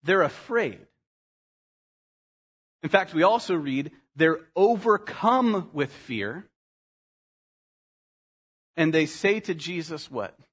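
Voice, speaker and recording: A man preaching a sermon as pastor, animated, climbing to emphatic highs and sinking to quiet, earnest lines, with quick acted asides for people in the story. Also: slightly rough. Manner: animated, rising to emphatic peaks and dropping to quiet.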